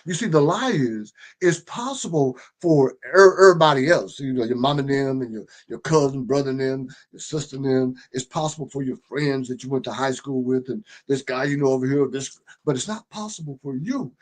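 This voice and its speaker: A man's voice: mid-range voice, a little fast, few pauses. A middle-aged man, a book publisher and strategist, giving a motivational livestream talk in an emphatic, preachy way, repeating key phrases and often restarting his sentences. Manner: frequent restarts and stumbles.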